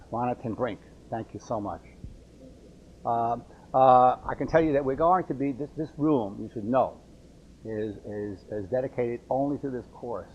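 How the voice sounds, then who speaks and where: A man teaching a university course who takes roll in a classroom lab, with halting speech and repeated words as he checks how names are said. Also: mid-range voice, lo-fi sound, a little hiss or hum. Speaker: university instructor. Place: classroom laboratory.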